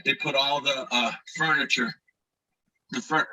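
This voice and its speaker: A middle-aged man from Scranton, Pennsylvania, guesting in a casual interview, tells animated stories about his acting days and acts out the shouted lines of the people in them. His voice is medium-pitched and unhurried, picked up a bit far from the mic.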